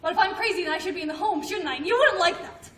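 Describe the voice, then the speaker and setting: Actress playing a childlike grown woman, very high. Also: natural voice. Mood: pleading. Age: adult. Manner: earnest, halting, stammers when upset. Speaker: grandmother's grown daughter. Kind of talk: film drama acting. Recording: roomy, distant film sound, faint noise.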